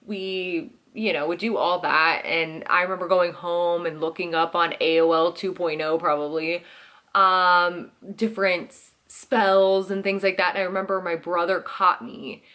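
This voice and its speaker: A woman's voice: lowish voice, level tone, unhurried, bright, forceful tone. A woman in her thirties chatting casually as a vlogger, answering Q&A questions and acting out quotes along the way. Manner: chatty, many "like"s, acts out quotes. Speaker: vlogger host. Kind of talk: casual Q&A chat.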